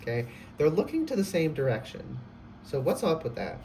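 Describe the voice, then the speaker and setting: A man giving a casual spoken tarot reading, excitable and emotional, gushing and laughing often. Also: fairly high pitch, moderate pace, distant mic, background noise. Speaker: tarot reader.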